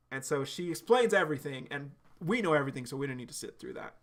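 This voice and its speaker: A man's voice: a little high, animated, fast talker, hardly any pauses, fairly bright tone. A young man hosting a live stream, casually narrating webcomic panels aloud with lots of fillers.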